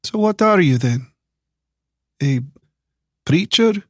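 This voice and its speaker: A young Eastern European woman, voiced by a man, guarded yet curious, asking careful questions. Her voice sits high and lifts with expression in this audiobook scene, recorded dry and close. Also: animated, takes it slowly, no echo.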